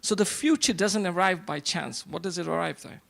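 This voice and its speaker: Gravelly man giving an event speech. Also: sits high, normal speed, fairly bright tone. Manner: rhetorical questions, repeated punchlines, addresses audience directly. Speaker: event speaker. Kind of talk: motivational speech to a live audience. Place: event hall before an audience.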